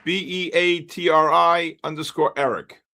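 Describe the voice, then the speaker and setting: A man's voice: fairly high pitch, steady tone, measured pace, pushed and bright. A man hosting a live trading stream, calling out viewer names one by one like an auctioneer. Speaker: livestream host.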